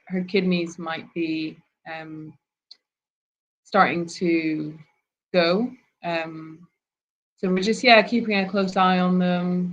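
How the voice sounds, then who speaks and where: A woman co-hosting a live Q&A from an animal sanctuary, talking softly and hesitantly, with many "um"s, and reading out viewer comments. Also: on the low side, muffled recording. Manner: soft-spoken and hesitant, with many "um"s. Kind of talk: casual live-stream chat.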